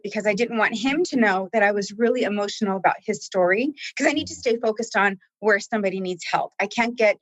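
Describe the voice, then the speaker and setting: A woman's voice: medium pitch, fast, hardly any pauses, a bit bright, dry recording. A woman who talks with staff at a coaching office, telling stories in an earnest, heartfelt way and close to tears. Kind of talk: emotional conversational interview.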